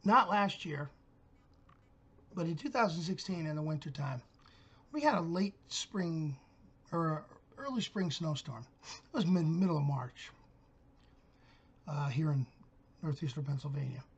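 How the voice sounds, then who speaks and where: A man's voice: a little high, animated, measured pace, long pauses, highs cut off. A middle-aged man hosting his own channel, telling a story in a blunt, profane rant. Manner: blunt, gruff, cursing storyteller. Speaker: channel host.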